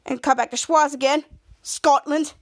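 A woman's voice: high-pitched, steady tone. A woman podcast host recapping a TV episode scene by scene, stumbling through restarts and half-finished words as she goes. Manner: halting retelling with frequent restarts and cut-off words.

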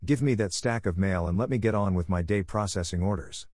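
A man's voice: low-pitched, brisk, darkish tone, no echo, clean studio sound. A man voicing a proud, indignant American businessman from the 1890s, speaking sternly and defensively. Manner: stern and defensive, raising his voice.

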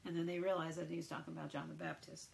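A woman's voice: deep voice, level tone, fast, gravelly, low-quality recording. A woman reading the Bible aloud and thinking it through in casual, hesitant talk full of fillers. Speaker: Bible reader.

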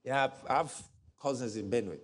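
A middle-aged man preaching a sermon as pastor, animated, acting out voices from his stories. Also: medium pitch, fairly quick. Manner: animated, mimics voices in stories, laughs often.

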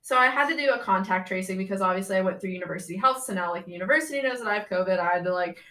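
A woman's voice: medium pitch, racing, far from the mic. A young woman guesting on a podcast, telling a story in casual chat and saying "like" constantly. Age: young adult. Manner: chatty, heavy use of "like", animated retelling.

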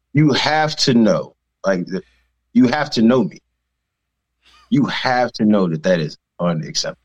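A man's voice: on the low side, expressive, unhurried, long pauses, breathy edge, dull audio. A man co-hosting a podcast in a loose, profane casual chat, laughing often as he talks.

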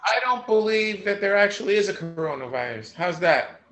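A man's voice: high voice, lively intonation, brisk, fairly bright tone, roomy sound, faint music behind, rough recording. A man guesting on a casual podcast chat, talking in a brash, profane way.

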